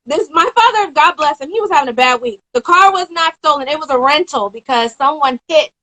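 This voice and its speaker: Telling a story as an interview guest on a laid-back live stream via phone or video call, a young woman in her twenties grows animated and readily mimics the people she describes. She is high-pitched, and the audio is poor.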